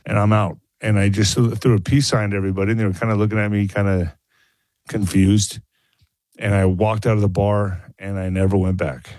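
A man, a former boxer, guest on a radio interview, telling a personal story in a halting way with many restarts. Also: lowish voice, flat delivery, a little mellow, no echo. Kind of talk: candid phone-in interview.

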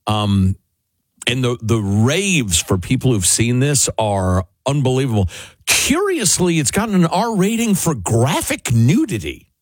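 A man co-hosting a talk radio show, chatting in an animated way about a documentary. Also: medium pitch, a little slow, no room sound. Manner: animated, laughs while mocking. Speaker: radio co-host. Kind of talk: casual talk radio banter.

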